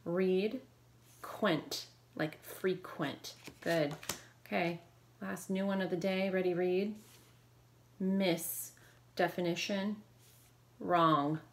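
A woman teacher leading a phonics lesson, calling out brisk drill prompts and giving quick praise. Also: on the low side, steady tone, a little hiss or hum.

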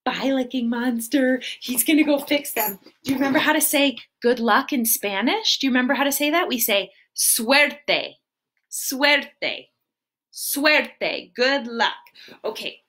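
A woman children's entertainer telling a story to preschoolers in an animated, sing-song way and asking the kids questions. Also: high voice, fairly quick. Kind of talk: preschool storytelling live stream.

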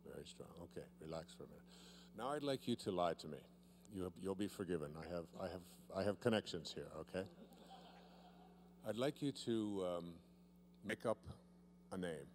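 A man's voice: low voice, lively intonation, a little mellow, a little hiss or hum. A man speaking at a live seminar, teasing a volunteer and drawing out key words as he leads a demonstration. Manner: playful, teasing, drawn-out emphasis. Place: seminar room with live audience. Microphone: handheld mic held by a volunteer.

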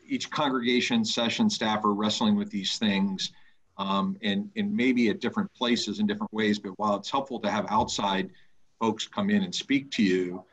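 A man with a low voice gives a thoughtful, hesitant summary on a video call. The lo-fi call audio sounds dull and muffled. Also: fairly bright tone.

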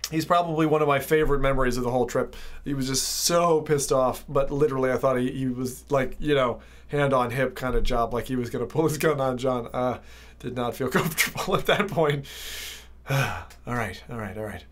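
A man with a medium-pitched voice talks a little fast, with a bit of hiss or hum in the audio. He's a VR streamer telling trip stories in a casual, rambling vlog packed with fillers.

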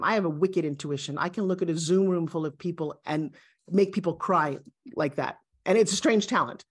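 A woman in her sixties, a guest, talking in an emphatic, animated and self-assured way in a motivational interview. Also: low-pitched. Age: 60s.

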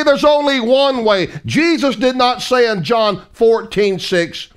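A man's voice: very high-pitched, very animated, takes it slowly, few pauses, smooth. A middle-aged man preaching a fiery sermon as an evangelist, emphatic and mocking, full of rhetorical questions.

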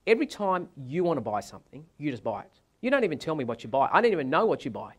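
An exasperated wife pours out her grievances in a quick, indignant rush, as a man puts her on. The voice sits somewhat high. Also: sing-song, slightly rough. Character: exasperated wife demanding a ring.

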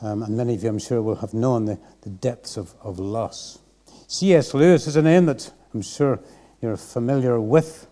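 A man's voice: medium pitch, moderate pace, dark tone. A man preaching a sermon in church, earnest and reflective. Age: 60s.

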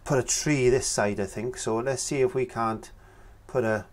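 A man's voice: medium pitch, moderate pace. Chatty man teaching painting. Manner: relaxed, chatty, talks while working. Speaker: painting instructor. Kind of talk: painting tutorial narration.

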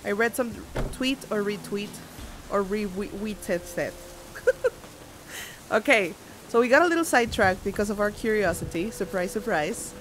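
Over background music and slight noise, a woman with a medium-pitched, animated, unhurried voice gives casual gameplay commentary on stream. Chatty and giggly, she reads viewers' messages aloud and bursts into squeals and shouts at attacking enemies.

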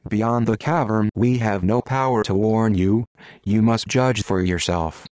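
A man's voice: lowish voice, a little slow, a little mellow, dry recording, lightly acted. Man reading as a solemn warning trout. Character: wise cautious male trout guide.

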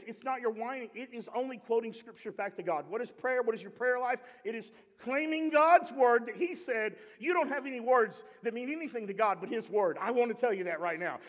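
A man preaching a sermon as pastor, animated, swinging from shouting to quiet asides. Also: very high voice, big-room sound. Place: church sanctuary.

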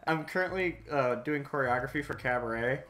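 A woman's voice: rumbling low, brisk, fairly bright tone. A young woman co-hosting a let's-play, chatting in a wry, jokey way. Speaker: gaming let's-play co-host. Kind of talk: casual playthrough banter.

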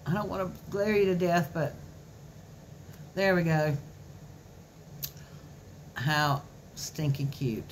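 Speaking slowly with frequent pauses, this woman has a voice on the low side. She's a craft vlogger gushing folksily over her supplies in a casual haul video, with plastic packaging crinkling faintly in the slightly noisy background.

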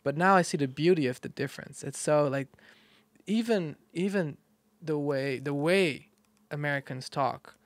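A man from the Netherlands with a Dutch accent, a guest talking casually and haltingly, often restarting his sentences. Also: a little high, dry recording. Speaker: guest musician. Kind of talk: casual conversation.

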